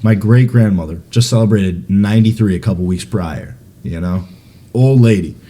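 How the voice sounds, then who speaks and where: A young man co-hosting a podcast in casual chat, telling rowdy stories and laughing, sometimes breaking into high silly voices. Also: normal speed, warm tone. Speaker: podcast co-host.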